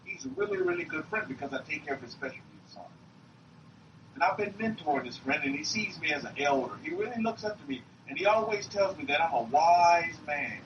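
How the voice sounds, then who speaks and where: A man preaching a sermon to a room, emphatic and repetitive, swinging up and down in pitch. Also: animated, fairly quick. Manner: emphatic, repeats himself, rises and drops in pitch. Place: meeting room. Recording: roomy, distant, dull lo-fi recording with faint hiss.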